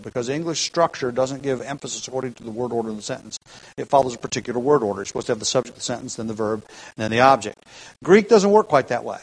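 A man gives a Bible teaching talk, working through a passage in an explanatory way. His voice sits a little high, and he often restarts his sentences as he thinks aloud. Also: low-quality recording.

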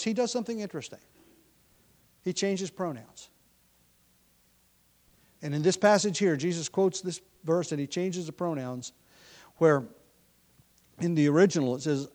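A man with a fairly high voice preaching an expository sermon. He reads scripture with emphatic force and then drops into relaxed, conversational asides. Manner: emphatic, rises in pitch and volume when reading scripture; conversational asides with restarts and light laughs.

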